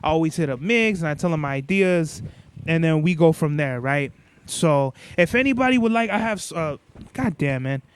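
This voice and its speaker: A man's voice: on the high side, animated, moderate pace, smooth. A young man hosting a podcast, ranting in a casual, profane, blunt way. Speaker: podcast host. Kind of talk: casual rant. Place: indoors. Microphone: cabled microphone.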